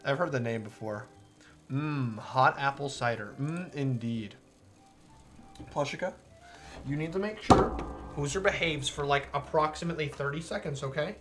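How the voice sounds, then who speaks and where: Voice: medium pitch, normal speed, over music. A game streamer chatting casually over a live stream, sarcastic, rambling and full of swearing.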